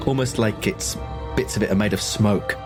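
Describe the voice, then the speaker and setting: Low-voiced man narrating a horror game. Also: over music. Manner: measured, descriptive storytelling. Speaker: game master.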